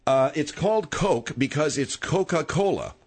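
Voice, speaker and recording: Lively-voiced radio host with a throat tickle. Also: male voice, mid-range voice, brisk. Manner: exasperated, bickering. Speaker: radio talk show host. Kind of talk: radio talk show banter.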